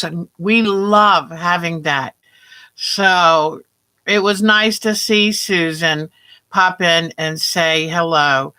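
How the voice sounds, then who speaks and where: Slow, chatty woman hosting a livestream. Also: lowish voice, sharp tone. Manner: chatty, greets viewers by name. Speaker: quilting livestream host. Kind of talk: casual livestream chat.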